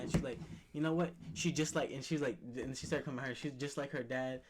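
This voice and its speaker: A young man co-hosting a podcast, retelling family quarrels in animated, laughing casual chat. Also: mid-range voice, fast, heavy background noise. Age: young adult. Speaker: podcast co-host.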